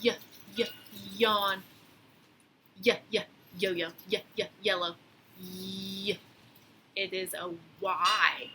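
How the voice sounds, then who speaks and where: A woman teacher giving a phonics lesson to young children, slowly sounding out letters with encouragement, outdoors on a deck. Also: medium pitch, level tone. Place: outdoors on a deck by a lake, rain starting. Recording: loud outdoor noise.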